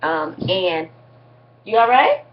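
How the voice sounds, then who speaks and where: A woman's voice: on the low side, huge pitch swings, slow, slight background noise. Chatty woman vlogger, dull lo-fi sound. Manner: chatty, blunt and slangy, with mild cursing. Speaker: TV recap vlogger. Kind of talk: casual reality-show recap.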